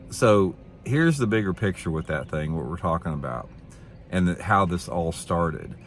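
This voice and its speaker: Facing the camera, a middle-aged man who fishes bass professionally recounts a story in a blunt, opinionated, meandering way, often saying the same words again. There's slight hiss or hum in the recording.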